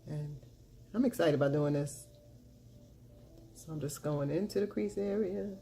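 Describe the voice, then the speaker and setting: A woman's voice: a little slow, slight background noise. A woman beauty vlogger talking through a makeup tutorial in a casual chat, often murmuring as she works and repeating catchphrases. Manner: repeats catchphrases, bursts into loud excited chanting; low murmured narration while working.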